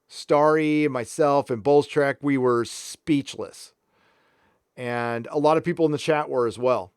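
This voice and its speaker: A man's voice: mid-range voice, smooth, dry recording, studio quality. A man from San Diego hosting a live stream, talking frankly and rambling as he reads out viewer comments. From San Diego, California. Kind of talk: casual live stream chat.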